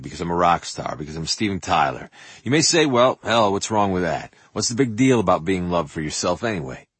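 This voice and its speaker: A man with a deep, raspy voice reads his own memoir as an audiobook, full of swagger and cursing. His delivery swings widely up and down as he acts out bits of dialogue. The sound is close and bone-dry, like a vocal booth. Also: no echo. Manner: animated and profane, acts out quotes and sings snippets. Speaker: memoir narrator.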